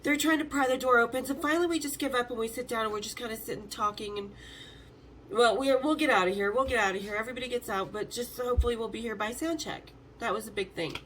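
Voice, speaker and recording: A high-pitched woman in her fifties tells her stories with lots of energy. She swears freely and jumps into the voices of everyone she mentions. Faint ambience sits underneath her. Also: quick pace, fairly bright tone, a little hiss or hum. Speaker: host telling rock stories. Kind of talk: casual storytelling.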